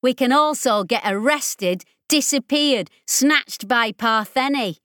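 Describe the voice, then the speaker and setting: A woman narrator voicing an angry, foul-mouthed woman specialist who shouts through a machine's speakers. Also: fairly high pitch, lively intonation, measured pace, dry recording, clean studio sound, pitched above the performer's own voice. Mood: defiant. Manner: shouting, swearing, scornful.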